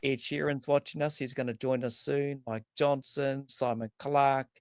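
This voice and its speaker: A New man hosts a relaxed motorsport chat, quick with jokes and shout-outs to viewers. His voice sits at a middling pitch and sounds dry and close, with no room around it. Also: clean tone, dry recording. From New Zealand. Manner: upbeat, jokey, rattles off viewer names. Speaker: podcast host.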